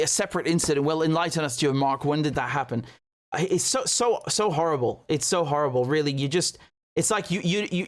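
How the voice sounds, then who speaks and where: A man reacting to news clips with indignant, sarcastic commentary. His voice sits a little high for a man. He talks in bursts of outrage. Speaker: political commentator.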